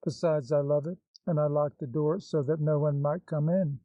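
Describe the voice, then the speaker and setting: A man's voice: fairly high pitch, steady tone, moderate pace, dark tone, no room sound, close to an everyday voice. A man reading the part of a bold, impertinent young woman with a glib, mocking manner, in a dull, dry recording. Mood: playful mocking.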